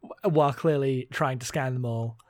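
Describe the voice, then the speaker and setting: A man with a medium-pitched voice co-hosts a casual podcast, recorded clean and dry in a studio. He chats and laughs while recapping a comic book, reading its lines in quick character voices.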